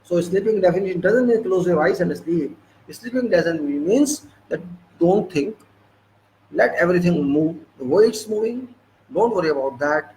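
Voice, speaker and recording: Indian-accented man, higher voice, fiery rhetorical lecture, faint hiss behind. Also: lively intonation, moderate pace, darkish tone, poor audio. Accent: Indian English. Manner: rhetorical, scolding, repeats questions to the listener. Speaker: political speaker. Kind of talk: impassioned lecture.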